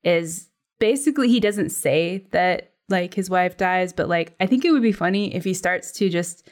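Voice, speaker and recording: A woman hosting a podcast over a video call, explaining ideas haltingly and laughing often. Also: fairly low pitch. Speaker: podcast host. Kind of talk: casual chat on a video call.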